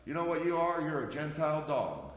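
A man's voice: a little high, very animated, brisk, highs cut off. A male pastor preaching a sermon in a folksy, conversational way, dropping in frequent amens. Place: church sanctuary. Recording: echoey church hall.

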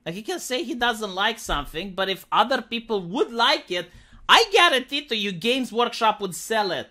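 A man's voice: sits high, animated, normal speed, bright, forceful tone. A man ranting sarcastically in an opinionated commentary, peppering his talk with "like". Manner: sarcastic, ranting, heavy use of "like". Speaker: commentary channel host.

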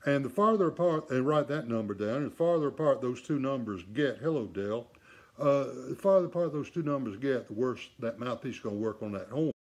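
A middle-aged man walking through saxophone repair in a relaxed hands-on lesson. He talks bluntly and emphatically and tosses in rhetorical jabs. His voice sits at a middle pitch for a man. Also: a little fast. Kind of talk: casual demonstration lesson.

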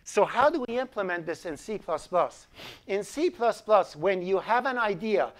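A middle-aged man who grew up speaking Azerbaijani, teaching a college programming class in a lively, joking way and putting questions to the students. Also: sits high, moderate pace. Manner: lively, asks the class questions, jokes around. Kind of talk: live classroom lecture.

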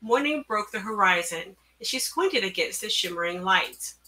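A woman author reading her own story aloud, measured and careful, at an online event through a computer mic. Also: medium pitch, animated, sharp tone. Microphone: computer mic on a video call.

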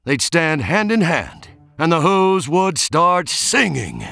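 A man reading a rhyming children's book aloud, animated and expressive, stretching out repeated words. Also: a little high, takes it slowly, vocal fry, no room sound, soft background music. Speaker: storybook reader.

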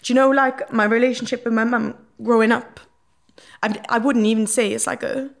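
Young Welsh woman, reality-TV guest, gravelly voice, raw and emotional, lots of "like". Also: a little high, fairly even intonation, brisk. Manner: emotional, swears freely, many fillers. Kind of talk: candid podcast interview.

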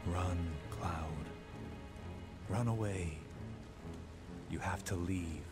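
An actor playing a menacing male swordsman villain who speaks slowly and softly, taunting. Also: deep voice. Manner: slow, soft-spoken, taunting. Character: menacing silver-haired male swordsman villain, calm and cruel. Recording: game audio with loud music.

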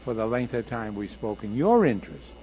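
This older man's voice is fairly low and sing-song, moving fairly quickly as he tells stories with emphasis and passion. A radio producer and director, he is the guest in an interview preserved as a muffled archival radio recording with faint hiss.

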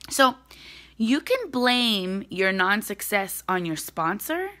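A woman's voice: mid-range voice, very animated, measured pace, bright, forceful tone. A young woman leading a sales team, talking live to her team from home in a blunt, direct, motivating way.

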